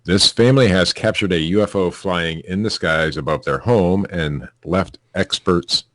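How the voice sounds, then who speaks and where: A man's voice: low voice, a little slow, a bit bright, dry recording. A man co-hosting a casual comedy podcast, reading news stories aloud with offhand jokes and chuckles.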